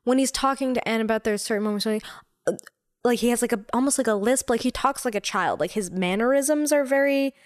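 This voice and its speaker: A woman's voice: fairly high pitch, no echo, clean studio sound. Chatty woman co-hosting a podcast. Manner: animated, talks fast with many fillers and restarts. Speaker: podcast co-host. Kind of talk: casual chat.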